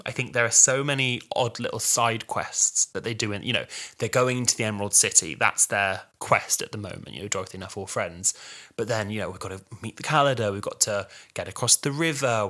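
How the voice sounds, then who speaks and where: A young man hosting a casual solo podcast, chatty and animated, laughing often and acting out quotes in raised voices. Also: on the low side. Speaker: podcast host.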